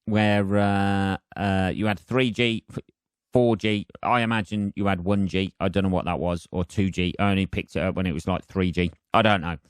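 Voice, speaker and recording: A man's voice: low-pitched, steady tone, normal speed, clean tone, no room sound, clean studio sound. A man hosting a solo podcast, rambling and self-mocking with lots of swearing. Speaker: podcast host.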